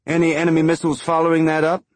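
A man's voice: a little high, completely flat delivery, racing, dry recording, pitched above the performer's own voice, close to an everyday voice. A man voicing a laid-back pilot under fire in an audiobook, easygoing and joking.

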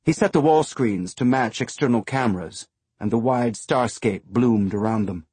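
A man narrating a science-fiction audiobook in a measured, even storytelling manner. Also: medium pitch, husky, no room sound.

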